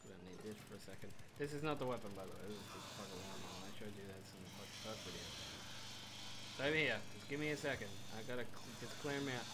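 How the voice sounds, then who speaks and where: Sweary young gamer, lively pitch. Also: male voice, a little hiss or hum. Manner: rambling, swears a lot, sudden loud outbursts. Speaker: gameplay commentator. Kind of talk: casual let's play commentary.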